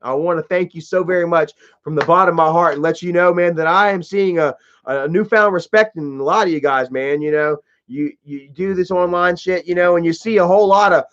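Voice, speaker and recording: A man's voice: high voice, a little fast, a bit bright. A man hosting a livestream, talking in a casual, profane and mocking way and saying "you know" a lot. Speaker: livestream host. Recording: dull lo-fi stream audio.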